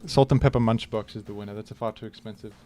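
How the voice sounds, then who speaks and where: His voice is low and steady, his pace quick, and faint music plays behind him. The young man is joking and rambling casually during a live game stream, and he gets loud when surprised.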